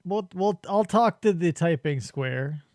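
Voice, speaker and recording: A man's voice: high-pitched, lively intonation, measured pace, darkish tone, no room sound. A man hosting a live show in casual, joking chat, laughing often. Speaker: podcast host.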